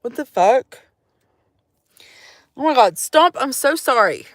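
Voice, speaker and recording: A woman's voice: high-pitched, animated, slow pace, dry recording, studio quality. Rambling, profane young woman livestreaming. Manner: rambling, profane, jokey, addresses viewers directly. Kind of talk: casual livestream chat. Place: outdoors in the woods.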